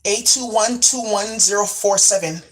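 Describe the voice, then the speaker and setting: A woman's voice: medium pitch, normal speed, slight background noise, poor audio. A woman vlogging a rambling, conspiratorial monologue, cursing freely and filling her talk with "like" while holding up beauty products. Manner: profane, rambling, full of "like" fillers; conspiratorial, jumps between topics while showing products.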